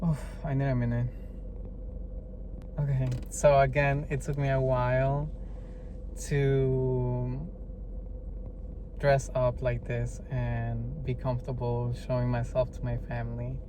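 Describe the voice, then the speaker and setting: A man's voice: medium pitch, flat delivery, slow, long pauses. A man telling a heartfelt personal story in a vlog, hesitant, with many fillers and restarts. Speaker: vlogger. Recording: noisy background with traffic.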